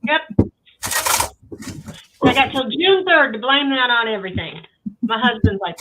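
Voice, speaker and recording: A woman's voice: fairly high pitch, measured pace, pauses often, heavy background noise. A woman guest tarot reader chatting casually and reading card meanings aloud. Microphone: remote call. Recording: tinny phone-like call audio.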